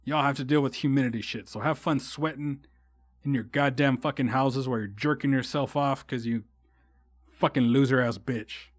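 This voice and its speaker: A man's voice: medium pitch, fairly even intonation, moderate pace, dry recording. A young man, hosting a solo podcast in a rambling, heavily profane style that often turns heated. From Texas. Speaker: podcast host. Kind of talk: casual solo podcast rant.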